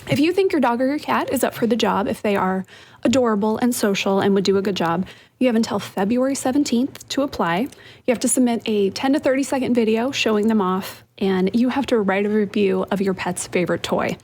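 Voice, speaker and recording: A woman co-hosting a podcast in casual chat, giving news items and tips in a brisk, matter-of-fact way. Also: fairly high pitch, darkish tone. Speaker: podcast co-host.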